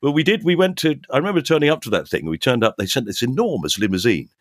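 An older man, a podcast guest, telling animated anecdotes and acting out the voices of people in them. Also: mid-range voice, fast, dry recording, studio quality. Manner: animated storyteller, acts out quoted voices. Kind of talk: casual anecdotes.

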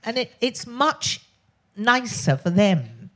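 A woman's voice: fairly high pitch, very animated, slow. Posh-voiced older Englishwoman, blunt and candid. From England. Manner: frank, blunt, swears freely, laughs between phrases. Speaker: guest. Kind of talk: candid talk show chat.

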